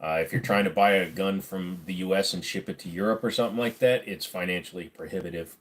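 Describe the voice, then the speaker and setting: Low-voiced man, blunt, sarcastic, casual livestream host, swears freely. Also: fast. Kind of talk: casual livestream chat reading comments.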